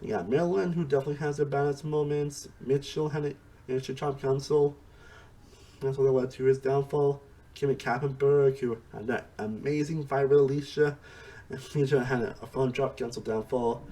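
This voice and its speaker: A man's voice: medium pitch, fairly even intonation, fairly quick, dark tone. A man giving a casual, rambling spoken review, repeating himself and saying "honestly" often.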